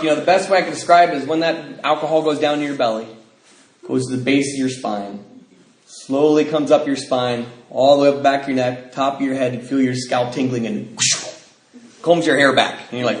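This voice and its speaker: A man speaking at a recovery convention, telling his story in an animated, self-mocking way and acting out the quotes. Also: mid-range voice. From Washington State, USA. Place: large convention hall. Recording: echoey hall recording with background noise.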